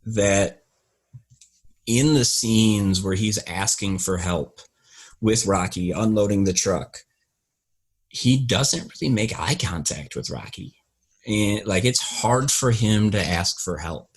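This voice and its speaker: A man co-hosting a film podcast, making reflective, measured points in casual discussion. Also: lowish voice, lively intonation, breathy edge. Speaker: podcast co-host.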